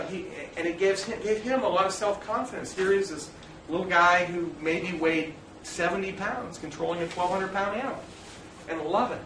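A man's voice: high-pitched, a bit bright, recorded from a distance, slight background noise. Earnest man speaking in an echoey room. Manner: earnest, plain-spoken, direct address with personal stories. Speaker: parent speaker addressing fathers. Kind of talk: informal talk to an audience. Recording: roomy echo, speaker away from the mic, faint ambience.

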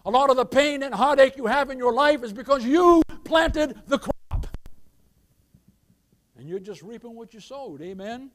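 A man's voice: very high voice, expressive, moderate pace, slight background noise. A man pastor preaching an emphatic sermon, quoting scripture, calling the congregation "beloved" and asking for amens. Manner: addresses listeners as "beloved", keeps asking for amens.

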